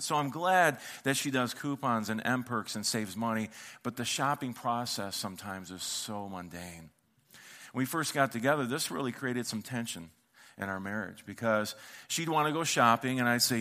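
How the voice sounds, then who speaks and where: A man's voice: medium pitch, normal speed, bright, forceful tone. A middle-aged male pastor giving a conversational sermon, telling funny stories and acting out both sides of a dialogue. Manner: humorous storytelling, acts out dialogue.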